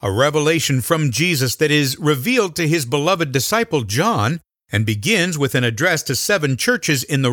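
A man reading a scripted introduction to a sermon program in a measured announcer delivery. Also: on the high side, a bit bright, no room sound, studio quality.

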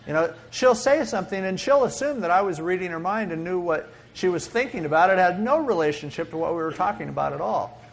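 Male preacher, high voice, dramatic sermon delivery that swings from booming to whispered. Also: animated, a little fast, gravelly. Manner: dramatic, swings between loud exclaiming and hushed whispering.

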